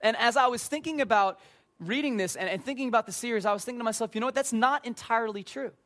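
A young adult man giving a storytelling sermon as a youth pastor, animated and self-mocking with quick asides. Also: extremely high pitch.

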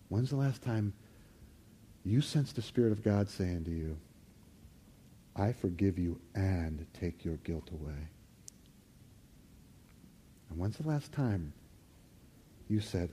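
A man preaching a sermon to a live congregation, leading call-and-response and swinging from loud exclamations to hushed near-whispers. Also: fairly low pitch, animated, unhurried, pauses often, a little hiss or hum. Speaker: pastor. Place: church hall before a live congregation.

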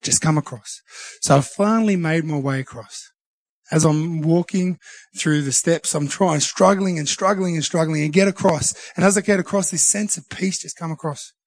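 A man gives a personal devotional reflection. His voice sits slightly high and sounds dry and close. He talks earnestly and haltingly, often restarting his sentences. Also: no room sound. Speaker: Christian speaker sharing a devotional.

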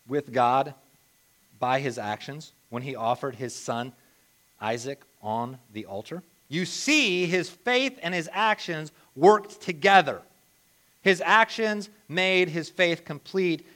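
A man preaching a sermon, telling a lively story and then reading and explaining scripture aloud. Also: high voice. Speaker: pastor.

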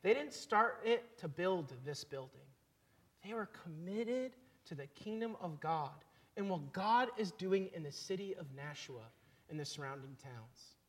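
Guy preaching, pretty high voice, chatty storytelling sermon. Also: expressive, a bit bright. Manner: storytelling, conversational, pauses for emphasis. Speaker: pastor.

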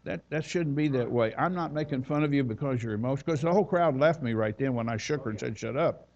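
A man's voice: medium pitch, fast, darkish tone, muffled recording. A man preaching as a visiting minister, telling folksy stories and reading scripture aloud. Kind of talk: sermon.

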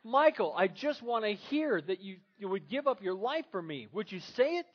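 A man's voice: high voice, very animated, brisk, lo-fi sound, pitched above the performer's own voice. A man voicing an exasperated young wife who keeps pressing her husband with urgent questions. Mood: insistent.

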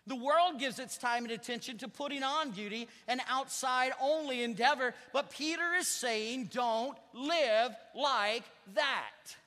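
A pastor preaching from the pulpit, talking to the congregation like a conversation and then leaning hard on the words that matter. His voice sits very high and sounds bright and cutting. The sanctuary adds a long trailing reverb. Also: normal speed, hardly any pauses. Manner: conversational preaching with emphatic rising stresses. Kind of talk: sermon. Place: church sanctuary. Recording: church hall reverb.

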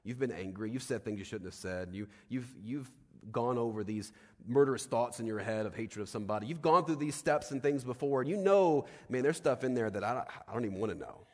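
Male preacher, sermon, emphatic, rhetorical questions, mid-pitched, long hall reverb. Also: animated, a little fast, a little mellow.

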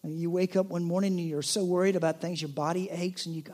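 A pastor delivers a sermon in a relaxed, talking-to-friends manner. The voice sits at a middling pitch and slips between playful asides and quieter, earnest points. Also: fast. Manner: conversational preaching, jokey asides, drops to soft earnest tone.

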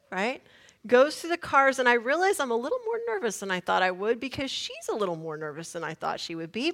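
Woman preacher, bright voice, higher pitch, animated storyteller. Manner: animated storyteller, shouts in retellings. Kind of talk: sermon story.

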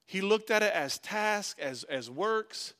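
Male pastor, fairly high voice, preaching a sermon with big swings between forceful emphasis and near-hushed lines, reading and unpacking scripture. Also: animated, slow pace. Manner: reads scripture aloud and comments on it.

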